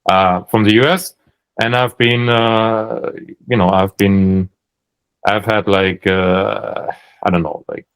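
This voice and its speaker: Man with a German accent, low voice. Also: level tone, slow pace, clean tone, rough recording. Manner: thinking aloud, many restarts and hedging fillers. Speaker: sales coach. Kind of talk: casual coaching chat.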